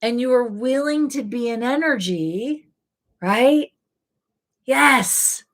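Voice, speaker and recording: A woman coaching an online audience in a relaxed, conversational way. She leans on rhetorical questions and coaxing prompts, her speech loose and filled with casual "like"s. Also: fairly high pitch, slow pace. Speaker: intuitive life coach. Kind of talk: live coaching session answering viewer questions.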